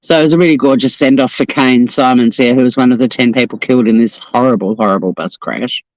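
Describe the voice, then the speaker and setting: A man's voice: medium pitch, fast, no echo, poor audio. A man with an Australian accent, from Tasmania, hosting a casual live stream outdoors on the coast, profane and joking as he chats. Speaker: livestream host.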